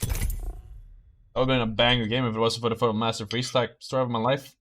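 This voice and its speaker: A man's voice: medium pitch, little pitch movement, fairly quick, a bit bright, a little hiss or hum. A man streaming a shooter game, chatting casually and breaking into exasperated, swearing outbursts. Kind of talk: casual gameplay commentary.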